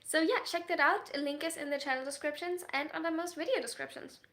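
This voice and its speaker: A woman livestreaming as a story writer, chatting casually with her viewers in an animated way and laughing often. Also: sits high, fast. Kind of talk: casual livestream chat, reacting to viewers' messages.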